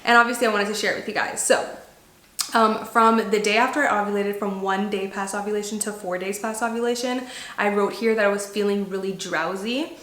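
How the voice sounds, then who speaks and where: A woman in her twenties telling a story to camera in a chatty, animated way, full of "like". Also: mid-range voice, a little fast. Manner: chatty, animated, heavy use of "like". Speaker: lifestyle vlogger. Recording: echoey room.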